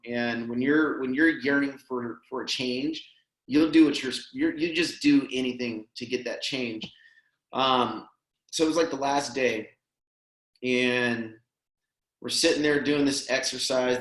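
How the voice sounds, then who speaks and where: A man's voice: medium pitch, fairly even intonation, unhurried, a bit bright. A man telling a heartfelt story as a podcast guest, earnest and emotional, often saying "man" and "dude". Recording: roomy echo.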